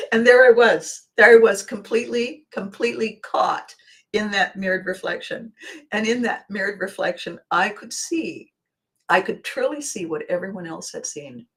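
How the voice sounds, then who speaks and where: Lady podcast host telling an embarrassing story, lively, laughing through it. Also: medium pitch, normal speed. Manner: animated, laughs often while telling. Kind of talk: storytelling anecdote.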